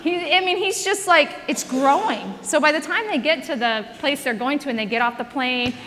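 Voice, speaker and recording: Woman, somewhat high voice, lively storytelling sermon, long hall reverb. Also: moderate pace. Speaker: speaker. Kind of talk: conversational sermon.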